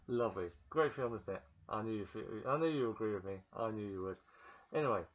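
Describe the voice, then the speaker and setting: A man giving a casual, excitable movie review vlog, chatting straight to the viewer and often repeating himself. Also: mid-range voice. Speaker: vlogger. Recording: dull lo-fi recording.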